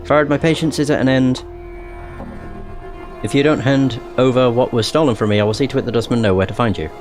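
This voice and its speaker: A man's voice: medium pitch, normal speed, over music, close to an everyday voice. Man reading as a blunt scarred undead wanderer. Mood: threatening. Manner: blunt, demanding.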